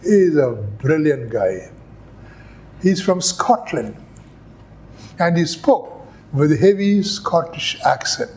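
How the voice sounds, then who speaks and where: A man's voice: a little high, sing-song, darkish tone. An older man from India, giving a classroom lecture as an epidemiology lecturer, telling stories and asking rhetorical questions. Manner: slow, storytelling, acts out dialogue with rhetorical questions.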